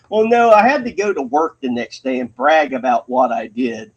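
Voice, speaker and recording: A man's voice: a little high, big pitch swings, normal speed, husky, low-quality recording. A man telling a crude personal story in a rambling, profane way, laughing as he goes.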